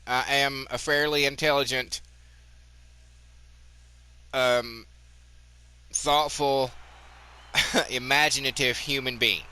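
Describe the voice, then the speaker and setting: A man's voice: mid-range voice, steady tone, slow pace, long pauses, pushed and bright, clean tone, no room sound. A man with a twangy Southern drawl, casually rambling and swearing as a gaming channel host. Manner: rambling, candid, swears freely. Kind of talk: casual gameplay commentary.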